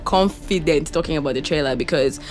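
A woman co-hosting a podcast in casual chat, animated and laughing often. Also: deep voice, brisk, soft background music. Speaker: podcast co-host.

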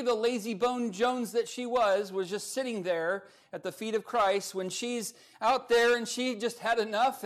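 Pastor guy preaching a sermon, kinda high voice, goes from quiet jokey asides to loud climbing preaching. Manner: folksy humor. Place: church service.

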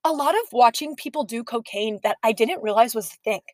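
Young woman podcast host, chatty storyteller, kinda high voice, dry close mic. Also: a little fast, no echo. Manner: chatty, storytelling, animated asides. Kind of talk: casual chat.

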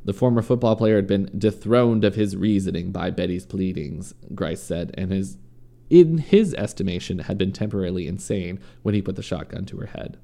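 A man's voice: deep voice, normal speed, creaky, mellow. A man reading a story aloud in a casual way, stumbling and correcting himself now and then. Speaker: podcast host reading a story. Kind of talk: casual true-crime reading.

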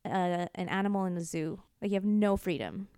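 A woman's voice: medium pitch, brisk, mellow, smooth, dry recording. Teasing woman host, dry close sound. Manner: teasing, provocative questions. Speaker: podcast host. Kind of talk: casual interview chat.

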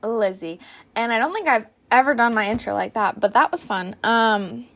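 Young female solo podcast host, hyped and giggly, rambles, slightly high pitch. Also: normal speed, gravelly, fairly bright tone. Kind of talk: solo casual chat.

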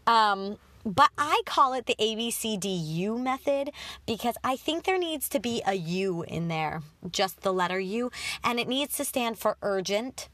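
A woman in her twenties hosts a casual self-help podcast, chatty and self-deprecating, with many fillers. Her voice is a little high and fairly bright, animated but unhurried, with no room sound.

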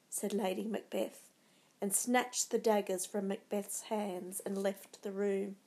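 Slow, mellow woman telling a story. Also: mid-range voice, steady tone. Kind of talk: storybook narration.

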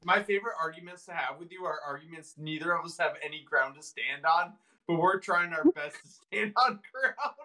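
Bright-voiced cocky man bantering. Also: a little high, lively intonation, a little fast. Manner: cocky, argumentative, joking. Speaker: podcast co-host answering a quiz. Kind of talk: casual chat.

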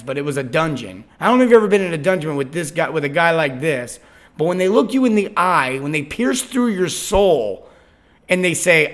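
Man, podcast host, slightly high pitch, casual storytelling, animated, repeats himself. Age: adult, father of eight. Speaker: podcast host and sales coach.

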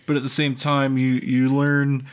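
A man's voice: medium pitch, monotone, a little slow, smooth. A young man co-hosting a podcast, rambling and joking with plenty of swearing, sharing one microphone with his co-host. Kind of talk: casual podcast banter. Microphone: one shared microphone. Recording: dull lo-fi sound.

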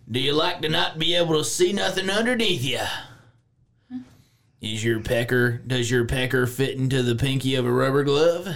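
A man putting on the voice of a boastful small-town truck dealer in a parody radio ad, pitching hard and joking crudely. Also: sharp tone, full character voice. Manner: over-the-top sales pitch with crude jokes.

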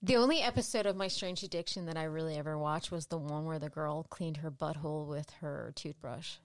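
A woman's voice: low-pitched, brisk, no echo. A woman in casual chat, reacting with disbelief and laughter, blunt and swearing freely.

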